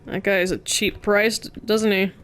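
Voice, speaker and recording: A woman's voice: mid-range voice, flat delivery, measured pace, fairly bright tone. A woman commenting on a video game, making joking, sarcastic asides. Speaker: let's play streamer.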